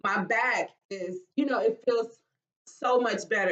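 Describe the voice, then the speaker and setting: A woman, talking in a halting, emotional way in a personal vlog, with sighs and restarts. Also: medium pitch, a bit bright, far from the mic, dull audio. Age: 40s. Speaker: vlogger.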